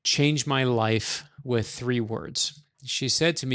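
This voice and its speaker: A middle-aged man from New York, an author guest, telling stories in a quick, animated way and acting out the voices of people he quotes. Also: mid-range voice. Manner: animated, fast-talking storyteller, acts out quoted lines. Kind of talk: conversational storytelling.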